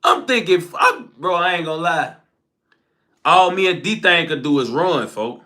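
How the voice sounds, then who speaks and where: Animated young man telling a story. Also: fairly high pitch, measured pace. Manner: animated slang-heavy recounting, frequent "folks" tags. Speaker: storyteller host. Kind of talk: casual street storytelling.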